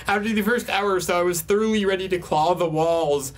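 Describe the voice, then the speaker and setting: A man's voice: high-pitched, normal speed. A young man co-hosting an advice show, answering viewer questions in a chatty way with frequent laughs and fillers. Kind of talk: casual advice talk.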